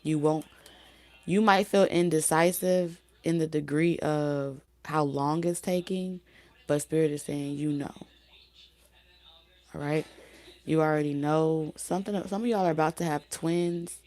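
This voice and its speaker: A woman giving a casual spoken tarot reading, talking loosely with many fillers and restarts, her voice going hoarse. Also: low voice, fairly even intonation, unhurried, dark tone. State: losing her voice. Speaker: tarot reader.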